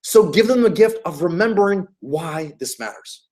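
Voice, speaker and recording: Animated, hyped-up male sales coach. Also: high-pitched, moderate pace. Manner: emphatic and hyped, repeats key phrases, frequent swearing. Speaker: business coach. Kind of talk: motivational sales coaching talk.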